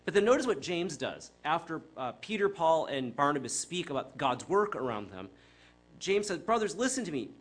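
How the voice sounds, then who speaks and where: A man's voice: on the high side, sing-song, normal speed. A middle-aged man from the Chicago area, preaching in a conversational, reflective way with frequent fillers and self-corrections. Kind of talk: sermon.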